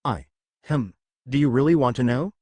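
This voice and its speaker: A man voicing a flustered young male ninja hero, gentle and reassuring, in a fan fiction audiobook. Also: mid-range voice, moderate pace, husky, no echo, natural voice.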